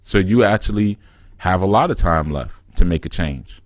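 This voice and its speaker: A man's voice: sits low, lively intonation, normal speed, no echo, clean studio sound, soft background music. A man, hosting a call-in show, teasing and joking in easy slang with a caller. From New York. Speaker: spiritual counselor and show host. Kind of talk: casual call-in banter.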